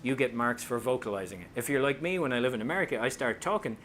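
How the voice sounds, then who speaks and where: A man's voice: medium pitch, quick pace, slight background noise. Joking Irish man giving a talk. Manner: animated and joking, slips into voices for quotes. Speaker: speaker and author. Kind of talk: comedic presentation to an audience. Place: company talk room with a live audience.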